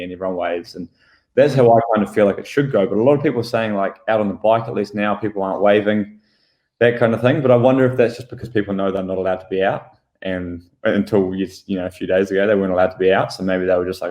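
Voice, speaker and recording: Laid-back man with a lowish voice. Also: fairly even intonation, fast talker, darkish tone, roomy sound. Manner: rambling, laid-back, joking. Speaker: podcast co-host. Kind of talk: casual chat.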